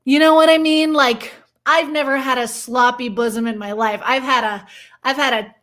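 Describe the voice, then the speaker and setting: High-voiced woman in her thirties, an exuberant, out-of-breath live-stream host who jokes at her own expense. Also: fairly even intonation, normal speed, fairly bright tone. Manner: exuberant, greets viewers by name, self-mocking jokes. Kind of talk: bubbly live-stream chat.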